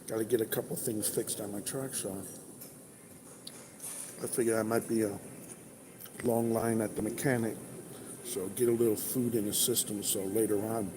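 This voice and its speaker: Chatty trucker in a noisy diner. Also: male voice, on the low side. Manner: chatty, reads viewer comments aloud. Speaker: truck driver livestreaming. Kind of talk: casual livestream chat. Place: truck stop restaurant. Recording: noisy restaurant ambience.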